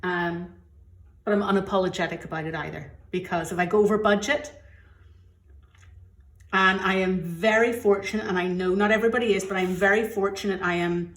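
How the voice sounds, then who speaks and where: A middle-aged woman from the UK talks openly and chattily as she counts out cash for her weekly budget. Her voice sits at an ordinary middle pitch, and the recording has a roomy, echoey quality from a room at home. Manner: chatty, candid, gets emotional. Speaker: budgeting vlogger. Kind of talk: casual chat while counting cash.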